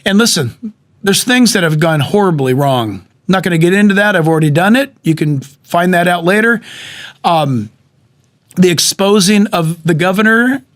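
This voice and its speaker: Emphatic high-voiced preacher man. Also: normal speed. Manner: emphatic, animated, with frequent restarts and stammers. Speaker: pastor. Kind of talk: sermon-style exhortation.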